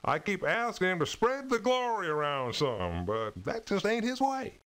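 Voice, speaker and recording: A man's voice: sits high, big pitch swings, moderate pace, fairly bright tone, clean tone. An actor voicing a plainspoken, friendly male farmer character in a children's computer game, with a homespun storytelling manner. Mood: folksy. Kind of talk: 1990s children's game voice acting.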